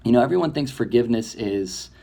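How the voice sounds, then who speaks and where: A man, a comedy filmmaker, talking in a rambling, reflective monologue that grows animated as he acts out imagined voices. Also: mid-range voice, fast talker, vocal fry.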